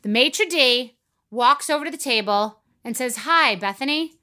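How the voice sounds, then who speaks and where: A woman's voice: sits high, expressive, moderate pace, bright, forceful tone. A woman hosting a podcast, telling a brash, profane story before she interviews a guest. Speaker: podcast host.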